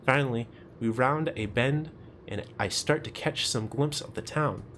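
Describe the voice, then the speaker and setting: A man's voice: mid-range voice, measured pace, fairly bright tone, slight background noise. A young man reading a visual novel aloud in first person, with casual, chatty asides.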